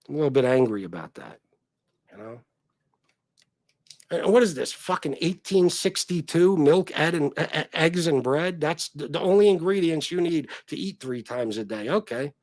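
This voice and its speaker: A middle-aged man from North Carolina hosts a profane livestream rant, his voice sitting a little high for a man. He flares into loud outbursts, then drops to low grumbling mutters. The sound is dry and close, with no room echo. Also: animated, moderate pace, pauses often. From North Carolina, USA. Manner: angry, sweary, swings between loud outbursts and low mutters. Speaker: livestream host. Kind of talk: profane ranting livestream talk.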